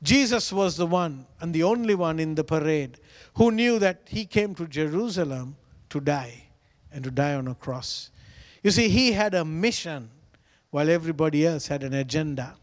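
High-voiced pastor preaching in a reverberant hall. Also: male voice, expressive, moderate pace. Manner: earnest, pleading, repeats phrases for emphasis. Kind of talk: sermon.

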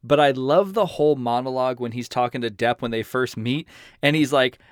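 A man's voice: medium pitch, a little fast, no room sound, clean studio sound. A man hosting a podcast, chatting casually and enthusiastically and laughing often. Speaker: podcast host. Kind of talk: casual chat.

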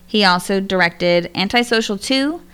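Casting: woman in her thirties, podcast co-host, bright crisp voice, rambling chatty delivery. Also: mid-range voice, normal speed. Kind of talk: casual chat.

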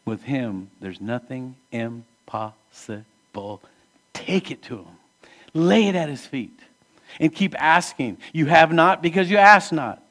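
A man preaching a sermon as pastor in an earnest, conversational way, asking the congregation questions and swinging between emphatic rises and hushed, quiet drops. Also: a little high, lively intonation, slow.

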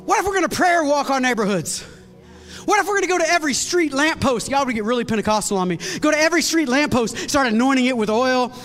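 Male pastor, very high voice, energetic sermon with shouts, reverberant church hall. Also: fast talker, soft background music. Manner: energetic, repeats words and restarts, bursts into shouts.

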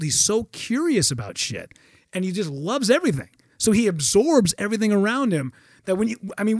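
A man telling a long story in casual, animated fashion, swearing freely and acting out quoted lines. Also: sits high, no room sound, clean studio sound. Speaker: guest.

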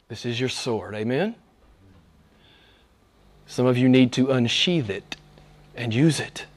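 A man preaching a sermon as pastor, moving between hushed, almost whispered lines and loud, emphatic passages. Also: fairly high pitch, unhurried, pauses often.

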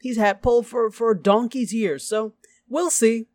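A man's voice: extremely high pitch, a little slow, darkish tone, no echo. Nigerian-accented male co-host, emphatic TV chatter, dry close sound. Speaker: podcast co-host. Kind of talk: casual TV review chat.

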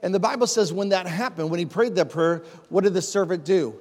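High-voiced preaching man in a reverberant hall. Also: a little fast, darkish tone. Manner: conversational preaching that calls on the congregation; repeats and builds phrases with rising emphasis. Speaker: pastor. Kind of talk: sermon. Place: church sanctuary. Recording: long reverb of a large hall.

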